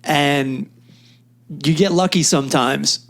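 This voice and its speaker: A man's voice: fairly high pitch, slow, creaky, a bit bright. Chatty middle-aged man telling stories. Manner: laughs often, self-deprecating, tells anecdotes. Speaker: comedian and podcast co-host. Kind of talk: casual podcast chat.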